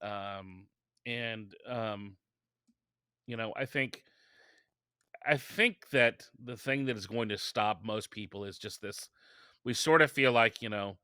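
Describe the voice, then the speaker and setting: A man's voice: on the low side, slow, long pauses, smooth, no room sound, studio quality. A man guest on a podcast, talking casually and telling stories with energy, often restarting his sentences. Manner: energetic storytelling with frequent restarts. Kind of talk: casual interview talk.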